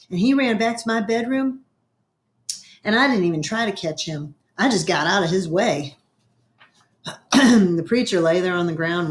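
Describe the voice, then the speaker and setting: A woman reading a children's novel aloud with expressive storytelling, now and then clearing her throat. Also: fairly low pitch. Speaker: reader.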